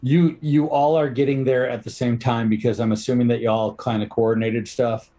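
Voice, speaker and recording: A man running a tabletop game as dungeon master, easygoing and relaxed in how he prompts players. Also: medium pitch, moderate pace.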